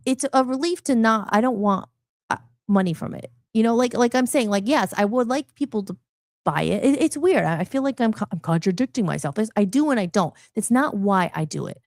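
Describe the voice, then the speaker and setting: A woman's voice: on the high side, expressive, a little fast, dry recording, studio quality. An American woman hosting a talk radio show, speaking candidly in a rambling, emotional way with many restarts. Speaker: radio show host and musician.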